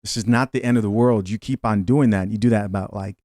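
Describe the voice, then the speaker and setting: A man's voice: on the low side, steady tone, quick pace, warm tone, no echo, clean studio sound. A man hosting a reaction video, giving opinionated casual commentary and reading viewer comments aloud.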